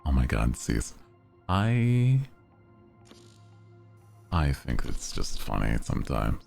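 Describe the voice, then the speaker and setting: The host of a live stream chats casually in an extremely low, gravelly and slightly mellow voice at normal speed, with faint music behind him. His delivery is melodic and lilting, rising at the end of each sentence.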